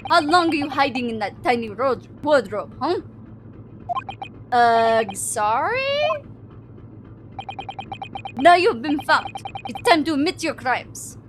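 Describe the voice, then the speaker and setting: A woman putting on a gruff accusing foreign officer. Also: high voice, very animated, takes it slowly, long pauses, background noise, heavily acted. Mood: menacing. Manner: mock accent, clipped and threatening.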